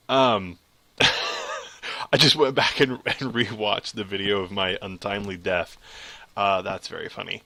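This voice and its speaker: A man giving casual, chatty commentary over his own gameplay, excitable and quick to laugh at himself. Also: medium pitch, no room sound. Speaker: gaming video creator.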